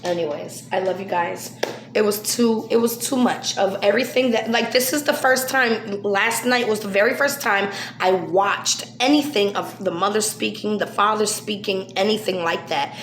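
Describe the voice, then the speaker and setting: A woman talking casually to her viewers, upset and emotional, sighing between soft lines and loud bursts. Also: mid-range voice, normal speed, roomy sound, slight background noise. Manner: emotional, swings from soft sighs to loud outbursts. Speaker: vlogger.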